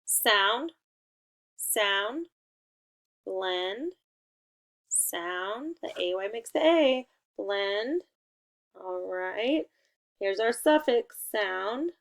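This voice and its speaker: A woman's voice: mid-range voice, fairly bright tone. A young adult woman teaching a phonics lesson to children, sounding out words and praising them. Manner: slow, encouraging, sounding out words.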